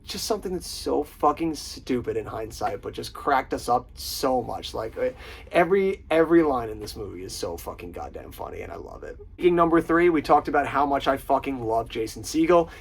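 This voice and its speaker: Male host, gravelly mid-pitched voice, swears freely, gushes over comedy picks. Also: expressive, normal speed, poor audio. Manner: profane, enthusiastic, quotes lines in put-on voices. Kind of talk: casual movie countdown commentary.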